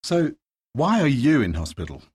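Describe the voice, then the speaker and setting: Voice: medium pitch, wildly swooping pitch, moderate pace, darkish tone, breathy edge. An actor playing a young adult male patient in a language-course dialogue. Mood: plain.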